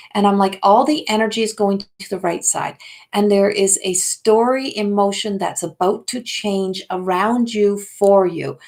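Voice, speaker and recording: An older woman hosting a live intuitive reading, talking in a rambling way with many fillers and calling viewers by name. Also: medium pitch. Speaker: intuitive card reader.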